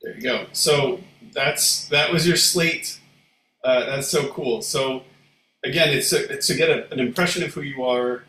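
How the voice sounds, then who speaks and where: A man co-hosting a casual livestream in a rambling, relaxed way, with some swearing. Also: medium pitch, a little slow. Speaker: co-host. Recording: echoey room, faint noise.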